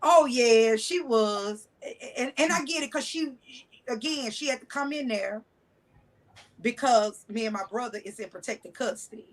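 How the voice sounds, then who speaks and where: A woman recounting her own past in blunt, everyday talk, cussing freely and restarting sentences. Her voice sits a little high for a woman. She speaks as a guest in a casual conversation. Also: moderate pace, rough recording. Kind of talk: candid personal storytelling.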